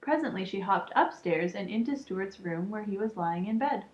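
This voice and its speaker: A woman's voice: medium pitch, normal speed. Woman reading a storybook in an echoey room. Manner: calm reading with casual asides. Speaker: storybook reader. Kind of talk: reading a children's book aloud. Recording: echoey room, muffled lo-fi sound.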